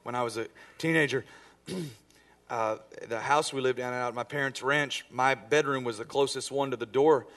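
A man in his thirties, a pastor preaching a sermon, telling personal stories and acting out quoted lines with sudden swings between loud and hushed. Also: medium pitch, moderate pace. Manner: storytelling with acted-out quotes, dramatic swings in volume.

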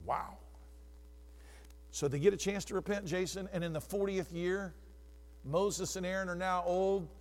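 Male preacher, high-pitched, dramatic, moves from near-whisper to shouting, long room reverb. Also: steady tone, measured pace, long pauses. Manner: addresses congregants by name, swings from hushed to shouting. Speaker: pastor. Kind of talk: sermon.

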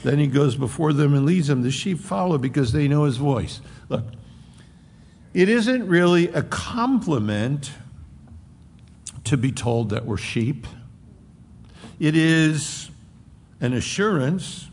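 A man preaching a sermon, emphatic and conversational, slowing down to stress points. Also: on the high side, lively intonation, a little mellow, husky. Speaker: pastor. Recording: long hall reverb, faint noise.

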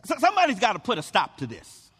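Male preacher, high-pitched and slow, emphatic with stammered repeats, echoing hall. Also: wildly swooping pitch, a bit bright, husky. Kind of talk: sermon.

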